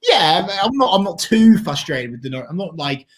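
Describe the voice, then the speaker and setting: A man's voice: on the high side, very animated, moderate pace. A man co-hosting a football fan watchalong, chatty and emphatic, often stumbling and repeating words. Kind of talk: casual fan chat.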